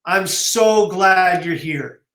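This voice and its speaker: A man, guest on a live-streamed interview, telling his story in an emotional, animated way. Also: sits high, takes it slowly, echoey room, slight background noise. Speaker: guest, suicide prevention advocate.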